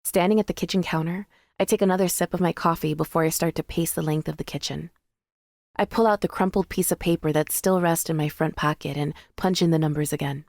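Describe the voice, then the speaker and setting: A woman narrating a first-person audiobook in a measured, intimate way, recorded in a dry studio booth. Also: deep voice, fairly even intonation, a little mellow, no room sound.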